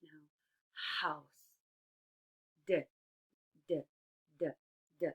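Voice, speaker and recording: Woman teacher for small kids, a bit low-pitched, bright and forceful, drawn-out letter sounds and steady praise. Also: slightly rough. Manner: slow, stretched-out letter sounds, encouraging. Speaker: early-years teacher. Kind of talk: recorded phonics lesson for young children.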